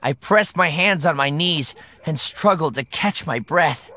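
A man's voice: a little high, lively intonation, a little slow, bright, forceful tone. A man narrating a children's horror audiobook in a dramatic, emphatic way. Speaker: audiobook reader. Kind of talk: scripted narration.

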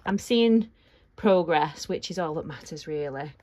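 Chatty mum vlogging at home. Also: female voice, low-pitched, lively intonation, unhurried, a little mellow. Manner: chatty and rambling, with many fillers. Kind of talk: casual home vlog chat. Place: child's bedroom at home.

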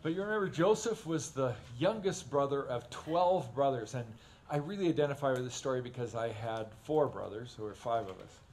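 Folksy pastor telling stories from the pulpit. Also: male voice, medium pitch, a little fast, slight background noise. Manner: folksy, animated when acting out stories. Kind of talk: sermon with humorous storytelling. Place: church sanctuary.

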